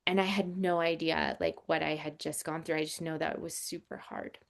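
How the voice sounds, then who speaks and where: Gravelly-voiced woman telling a story. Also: deep voice, brisk. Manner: animated, vivid storytelling with frequent fillers. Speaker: podcast guest. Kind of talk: casual storytelling.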